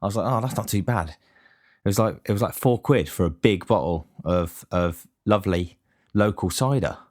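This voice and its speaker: A young man telling a rambling, sweary story in a casual, deadpan complaining way. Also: low-pitched, normal speed.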